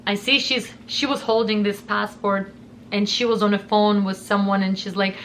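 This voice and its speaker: A woman's voice: medium pitch, fairly even intonation, normal speed, a bit bright, slight background noise. Emotional woman. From Russia. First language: Russian. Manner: emotional, heartfelt storytelling with many fillers. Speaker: vlogger. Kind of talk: personal story time.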